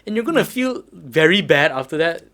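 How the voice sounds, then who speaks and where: Young Malaysian-accented male host, animated chatty delivery with a lively, slightly high voice. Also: brisk. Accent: Malaysian English. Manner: animated, laughs often, talks in bursts. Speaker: podcast host. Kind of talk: casual chat.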